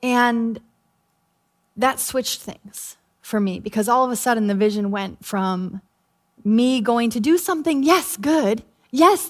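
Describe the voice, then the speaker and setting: A woman pastor speaks earnestly to parents. Her voice is slightly high and breathy, and it softens to near a whisper when she presses a point. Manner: earnest, soft-spoken exhortation. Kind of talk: sermon.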